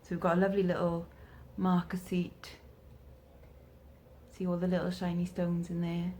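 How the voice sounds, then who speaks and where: A woman vlogger chatting casually as she unboxes parcels, gushing and excitable. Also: fairly low pitch, normal speed, a little hiss or hum.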